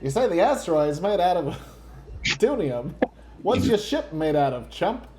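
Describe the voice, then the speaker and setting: A man's voice: high voice, sing-song, unhurried, noisy background, voice pushed up. A man voicing a snooty upper-class woman with a 1940s mid-Atlantic accent, mocking and sneering. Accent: 1940s mid-Atlantic, put on.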